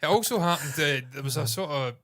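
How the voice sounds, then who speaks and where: Scottish guy, podcast cohost, swears a lot, animated rants n stories. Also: on the high side, fast talker. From Scotland. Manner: sweary, animated storytelling with mocking impressions. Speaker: podcast co-host. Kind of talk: casual chat.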